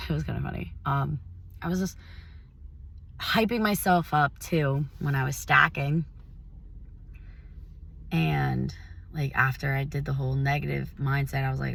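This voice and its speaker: A young woman giving a casual motivational talk, chatty and full of fillers, swinging between loud hype and soft mutters. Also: very deep voice, unhurried, creaky, pauses often. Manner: chatty, lots of "like" fillers and self-quoting. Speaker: motivational vlogger.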